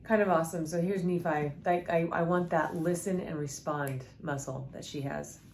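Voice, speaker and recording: A woman's voice: sits low, fairly even intonation, moderate pace, darkish tone, slight background noise. A middle-aged woman sharing personal stories alongside scripture, earnest and candid, with many fillers and restarts. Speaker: scripture storyteller. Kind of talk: personal devotional storytelling.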